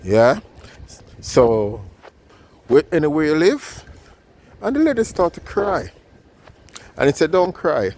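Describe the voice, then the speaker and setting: A man's voice: a little high, wildly swooping pitch, takes it slowly, long pauses, darkish tone. A man telling a moral story casually, often checking in with his listener and using loose, nonstandard grammar.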